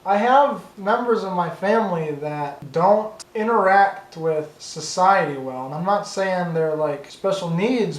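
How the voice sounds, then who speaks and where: A young man with a high voice vlogs from his bedroom, talking candidly and rambling. He restarts sentences, trips over his words and swears when he gets riled. The room around him is echoey. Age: young adult. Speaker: YouTuber. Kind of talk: candid personal vlog.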